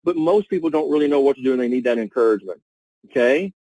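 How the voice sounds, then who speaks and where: A man giving an energetic, repetitive coaching talk to a sales team over a webinar. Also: mid-range voice, quick pace, no room sound, poor audio. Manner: energetic, coaching, repeats himself.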